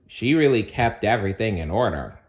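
A man's voice: on the low side, sing-song, brisk, lo-fi sound. A man reading a storybook aloud, voicing a big, good-natured male monster boss with an earnest, flustered delivery.

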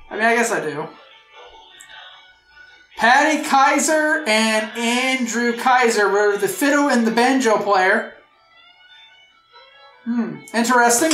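A woman with a fairly high voice riffs on a film's credits in a casual, animated way, breaking into loud exclamations. She sounds like she's in an echoey room, with music playing faintly behind her. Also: measured pace, pauses often. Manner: animated, loud outbursts while reading credits. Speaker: movie riff host. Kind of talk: casual movie commentary.

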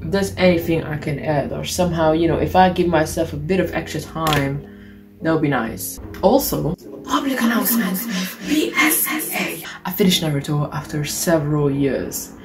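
Woman, twenties, deep voice, casual makeup chat, playful swearing, background music. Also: fairly even intonation, normal speed. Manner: chatty, swears, playful mock outbursts. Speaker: beauty vlogger. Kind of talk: casual get-ready-with-me chat. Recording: music playing underneath.

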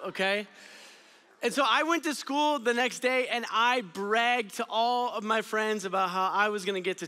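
A young man giving an energetic, storytelling youth sermon. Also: sits high, long reverb tail. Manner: energetic, storytelling, drops to quiet intensity. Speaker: student ministry speaker. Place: church auditorium.

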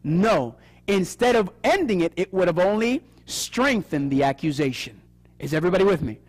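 Male seminar preacher, high and animated, asks the crowd questions, acts out the voices he quotes. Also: normal speed. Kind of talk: Bible prophecy sermon.

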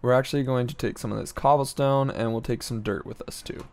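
A man's voice: mid-range voice, steady tone, brisk, few pauses, a little mellow. A man giving casual, slangy game commentary, talking to himself and getting easily frustrated as he plays. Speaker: gameplay commentator.

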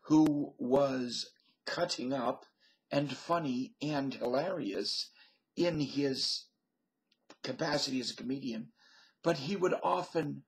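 A man's voice: medium pitch, fairly bright tone, poor audio. An older man rambling through a stream-of-consciousness comedy monologue into a webcam at home, laughing at his own jokes. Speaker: vlogger.

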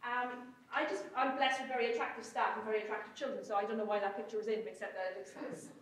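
A woman giving a conference keynote as a chief executive, talking in a lively, irreverent way with wry asides. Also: fairly high pitch, fast, a little hiss or hum. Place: hotel conference hall. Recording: echoey hall, mic from far off.

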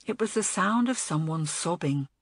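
A woman reads a children's storybook aloud, her voice rising and falling in a lively, animated way. The recording is close and completely dry, with no room sound at all. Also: on the low side, normal speed, slightly rough, no room sound. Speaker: audiobook narrator. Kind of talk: scripted storybook narration.

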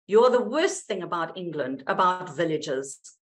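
A distraught mother searching for her lost son, her voice raw with hurt and bitter anger, as a woman acts her out. Her pitch rises and falls in a lively way. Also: a little slow. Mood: furious. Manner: pleading, then raw and furious. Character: distraught mother of a missing boy, raw and angry.

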